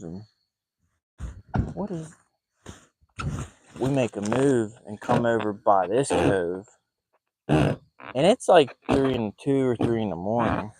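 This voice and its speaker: A man's voice: a little mellow, dry recording, poor audio. A man telling stories and joking while fishing from a boat on a lake at night, keeping his voice down. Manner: chatty, joking, keeps his voice low. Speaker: fishing vlogger. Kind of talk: casual storytelling while fishing.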